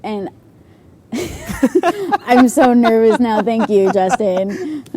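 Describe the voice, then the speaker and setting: Warm and a little high, this young youth leader's voice is expressive and stretches out her words. She's a bubbly, giggly storyteller in casual conversation, saying "like" over and over.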